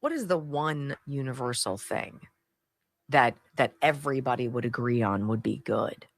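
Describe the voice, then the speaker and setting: A woman's voice: extremely low pitch, lively intonation, normal speed, no echo. A woman hosting a talk radio show, giving sarcastic, emphatic commentary and reading ad spots with a hard sell.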